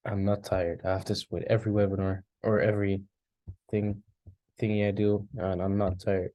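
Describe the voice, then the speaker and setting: On the low side with a level, dark tone, a forex trader talks through a chart recap at a moderate pace, thinking aloud and yawning now and then. It's a casual screen-share session captured dry on a desk mic.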